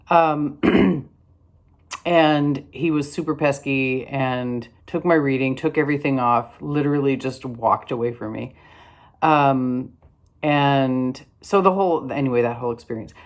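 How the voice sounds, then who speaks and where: A tired older woman telling a rambling, wry story in a casual vlog, with lots of fillers and restarts. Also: rumbling low. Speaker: vlogger.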